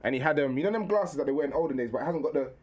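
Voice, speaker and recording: A young man telling animated stories in casual podcast chat, slang-heavy and quick to laugh. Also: a little high. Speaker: podcast host.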